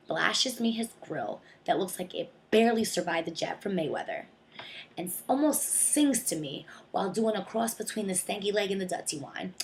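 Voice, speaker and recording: A woman's voice: mid-range voice, expressive, normal speed, slight background noise. A young woman from New Jersey telling a comic monologue, sassy and slangy, acting out other people's voices. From Bergen County, New Jersey. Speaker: comedic storyteller.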